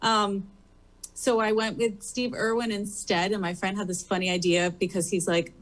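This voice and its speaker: Her mid-range voice barely shifts in pitch and keeps a normal speed. She's a drag performer guesting on a talk show at a comedy theater, chatting loosely and leaning on constant "um" and "like" fillers.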